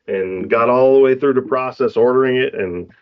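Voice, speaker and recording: A man's voice: medium pitch, moderate pace, clear, resonant tone. A man co-hosting a podcast, telling a story in a laid-back casual chat and laughing often. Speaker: podcast co-host. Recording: dull lo-fi sound.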